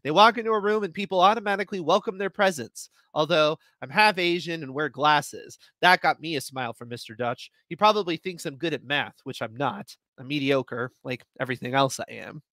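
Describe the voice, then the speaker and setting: A man giving a live reading of short stories, with expressive first-person narration. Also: a little high, a little fast, few pauses, no room sound. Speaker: reader.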